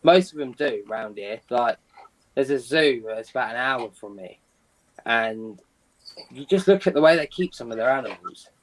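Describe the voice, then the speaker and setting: A man's voice: mid-range voice, expressive, moderate pace, rough recording. A man chatting casually as a guest, rambling and informal. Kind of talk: casual chat.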